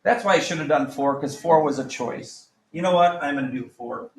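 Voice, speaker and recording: A man's voice: on the high side, moderate pace. A male math teacher talking a class through calculator work, chatty and joking, with exasperated asides. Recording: echoey classroom with faint background ambience.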